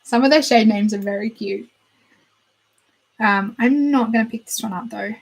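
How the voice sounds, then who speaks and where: A woman's voice: on the high side, moderate pace, creaky, low-quality recording. A young woman hosting a beauty channel, chatting casually and gushing over new makeup as she browses and thinks aloud. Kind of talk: casual chat.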